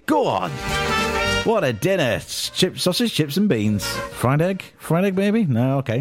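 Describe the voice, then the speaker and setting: A man's voice: a little high, big pitch swings, unhurried. A man hosting a radio podcast, chatting casually and reading out listener messages with frequent fillers. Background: music bed.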